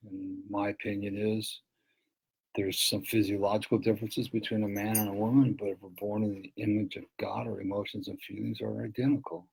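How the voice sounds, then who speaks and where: Earnest gravelly low-voiced man. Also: flat delivery, brisk, darkish tone, low-quality recording. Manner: earnest, repeats and restarts words. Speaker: author and abuse-recovery speaker. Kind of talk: reflective spoken talk.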